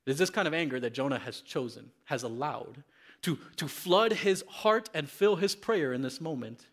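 A man preaching a sermon, reading scripture with dramatic, animated intensity. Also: fairly high pitch, normal speed.

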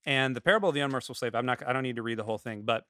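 Male podcast co-host, smooth and dry, animated storyteller. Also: mid-range voice, very fast, no room sound. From Florida. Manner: animated storyteller, acts out quotes. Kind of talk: casual chat.

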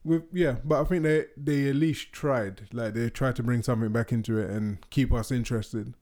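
A man's voice: mid-range voice, normal speed, darkish tone. A man co-hosting a podcast, chatting casually, often searching for words. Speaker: podcast co-host. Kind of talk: casual chat.

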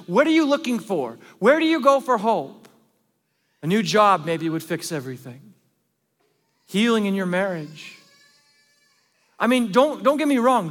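A pastor with a fairly high voice delivers an earnest sermon, swinging from forceful emphasis to quiet, hushed asides. His words ring out with a long reverb in a large church hall.

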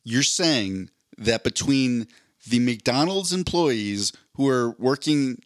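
A man co-hosting a casual podcast, telling stories animatedly with a mid-pitched voice. He acts out quotes in a flat, deadpan drawl. The sound is dry and close to the mic. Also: takes it slowly, no echo. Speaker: podcast co-host.

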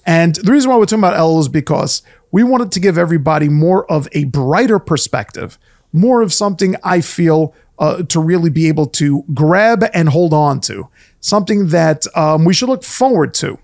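A man's voice: a little high, lively intonation, normal speed, a little mellow. A man co-hosting a casual podcast, rambling playfully with jokes and many restarts. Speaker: podcast co-host. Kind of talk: casual chat.

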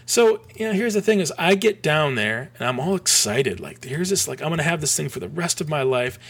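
A middle-aged man from Michigan telling a long story on a podcast as a guest, rambling and animated, with many restarts and a few swears. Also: fairly high pitch, fairly quick, slightly rough. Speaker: podcast guest, graphic designer. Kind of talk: casual storytelling.

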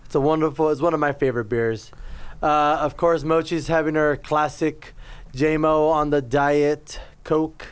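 A man with a smooth, clear voice that sits a little high, leading a casual podcast chat over drinks. He teases his friends and drops casual swears. He sounds laid-back and unscripted. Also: steady tone, moderate pace. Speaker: podcast host. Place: indoors at a table with co-hosts.

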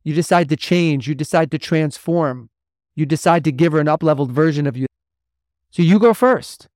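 A man's voice: on the high side, a little mellow, no echo. Guy mentoring men on his podcast, blunt and punchy, keeps repeating himself, dry close sound. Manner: blunt, emphatic, repetitive exhortations. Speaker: podcast host and men's mentor. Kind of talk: motivational podcast talk.

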